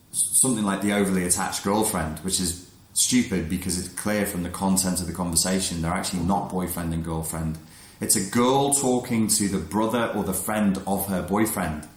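A man talking in a frank, casual monologue, blunt and prone to restarting his sentences, who says he works with adolescents. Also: on the low side. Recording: echoey room.

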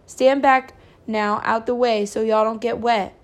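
A woman reading aloud voices a gruff old grandmother, speaking loud dialect. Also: fairly high pitch, fairly even intonation, measured pace, close to an everyday voice. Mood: gruff, urgent.

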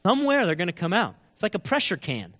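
A man preaching a sermon, telling a story with lively acted-out quotes and big swings between soft and loud. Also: fast talker. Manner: animated storytelling, acts out quotes with big swings in pitch and loudness. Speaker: pastor.

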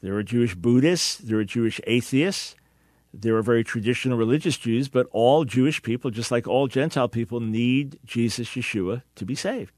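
A man's voice: medium pitch, normal speed, darkish tone, no room sound, studio quality. A man hosting a call-in radio talk show, speaking earnestly and emphatically, often repeating words as he starts a sentence.

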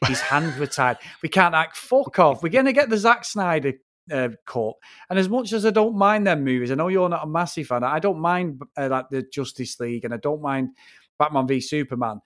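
A man's voice: on the high side, expressive, a little fast, fairly bright tone. A man co-hosting a film review podcast, ranting bluntly and swearing freely in casual chat.

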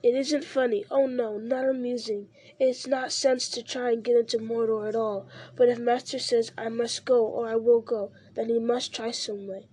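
A woman's voice: on the high side, fairly even intonation, warm tone, breathy edge. A woman reading aloud and voicing a wretched, sly male creature who hisses and wheedles. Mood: wheedling. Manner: hissing, wheedling, slow.

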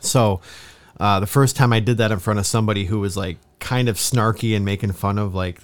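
A man's voice: lowish voice, a little fast. A man co-hosting a casual coffee review chat, rambling and often breaking off to laugh. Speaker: podcast co-host reviewing coffee.

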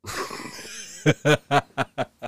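A man's voice: drawn-out words, a bit bright, dry recording, clean studio sound. A man hosting a podcast, delivering a crude, irreverent comedic monologue full of swearing. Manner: profane, irreverent, joking. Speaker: podcast host.

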